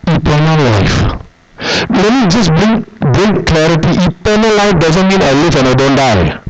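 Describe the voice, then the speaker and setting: A middle-aged male pastor preaching a sermon, animated, with rhetorical questions and anecdotes told through quoted dialogue. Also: fairly high pitch, normal speed, dull audio, background noise.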